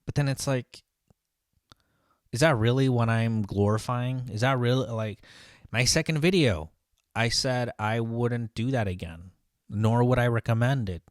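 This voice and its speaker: A man's voice: medium pitch, a little slow, no room sound. Brief: line cook, male, casual profane storyteller, dry recording. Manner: profane, venting, animated.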